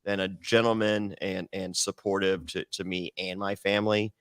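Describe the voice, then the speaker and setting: A man guest on a podcast, telling stories in a rambling, animated way with many restarts. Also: sits low, normal speed, no echo. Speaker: reality TV contestant guest. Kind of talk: casual podcast storytelling.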